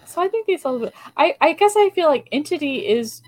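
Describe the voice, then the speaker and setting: Higher-voiced giggly woman podcaster. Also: expressive, moderate pace. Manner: casual, giggly, fillers like "like". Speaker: podcast co-host. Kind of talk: casual chat.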